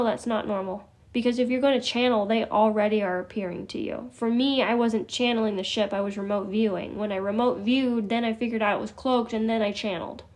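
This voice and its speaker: A middle-aged woman hosts a relaxed spiritual class and holds up crystals as she talks. Her voice sits a little high. She rambles, laughs easily and mutters asides to herself. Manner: chatty, scattered, laughs often, drops into asides. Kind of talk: casual live class, showing crystals.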